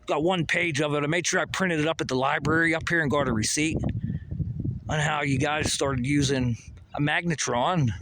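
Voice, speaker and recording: A vlogger with a slightly high voice, fairly even intonation, and a moderate pace rambles through a profane monologue packed with pseudo-technical talk. He's recording outdoors near a busy road, and traffic noise is audible.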